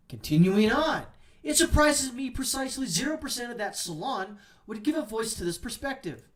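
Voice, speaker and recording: A man's voice: extremely high pitch, big pitch swings, normal speed, recorded from a distance. A man hosting political commentary, ranting in a sarcastic, angry, mocking way as he reacts to posts.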